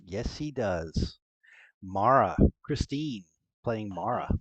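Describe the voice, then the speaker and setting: A man's voice: on the low side, lively intonation, slow pace, a bit bright, no echo. A man hosting a tabletop game stream as game master, rambling with many fillers. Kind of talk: casual stream introduction.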